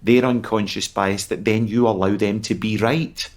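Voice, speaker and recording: A man's voice: lowish voice, steady tone, normal speed. Earnest Scottish man explaining. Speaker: podcast co-host. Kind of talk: casual chat.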